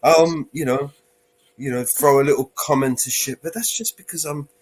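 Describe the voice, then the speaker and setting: A man's voice: on the high side, steady tone, moderate pace, breathy edge. A man hosting his own stream, ranting bluntly with plenty of swearing and asking "right?" for agreement. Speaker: channel owner and stream host. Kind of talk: casual stream chat.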